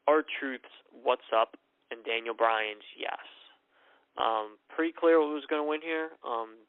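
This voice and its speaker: A man's voice: medium pitch, no room sound. Tired, rambling man on a lo-fi podcast. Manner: rambling and opinionated, with frequent ums and restarts. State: tired and yawning. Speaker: podcast host. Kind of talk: solo wrestling podcast recap. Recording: dry, phone-like lo-fi audio.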